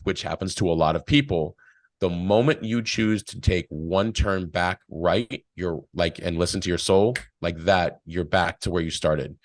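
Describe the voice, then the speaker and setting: A man's voice: low-pitched, fairly bright tone, no room sound. A man talking casually and reflectively as a podcast guest, telling stories with quoted voices. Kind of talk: casual spiritual talk.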